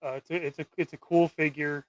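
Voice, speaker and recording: A man's voice: a little high, flat delivery, quick pace, dry recording. A man hosting a casual livestream while he paints custom action figures, rambling and trailing off into mumbles.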